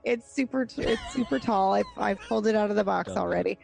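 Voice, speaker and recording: A woman's voice: medium pitch, a little fast, creaky, a little mellow, soft background music. A woman in casual banter with her fellow players, defensive and swearing freely. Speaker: tabletop game player.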